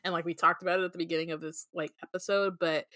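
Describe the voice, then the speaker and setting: Woman, podcast co-host, lower pitch, bright tone, dry close sound, chatty recap. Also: level tone, very fast, no echo. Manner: chatty, many fillers, laughs often. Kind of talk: casual book discussion.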